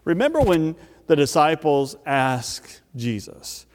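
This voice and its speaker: A man preaching a sermon, speaking emphatically and repeating key words with drawn-out pauses. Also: a little high, very animated. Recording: long reverb of a large hall.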